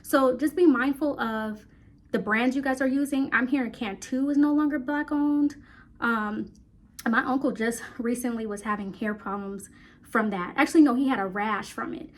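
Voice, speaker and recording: A young woman talking fast and a little out of breath, chatting casually to her viewers about hair care. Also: fairly high pitch. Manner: chatty, rambling, talks fast, addresses viewers as y'all. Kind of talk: casual chat to camera.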